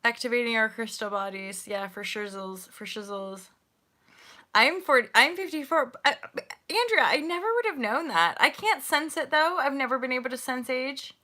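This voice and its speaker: A woman's voice: high-pitched, sing-song, fairly quick, pushed and bright. A woman in her forties hosting a casual livestream chat, talking in a playful, slangy way and laughing often. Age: 40s. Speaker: livestream host.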